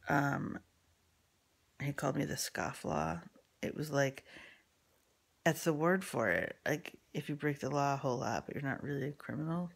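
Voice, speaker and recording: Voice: medium pitch, expressive, normal speed, vocal fry, long pauses, slightly rough. A speaker telling a rambling personal story in casual talk, swearing freely, full of fillers and restarts, often dropping into whispered asides. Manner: drops into unvoiced whispery asides.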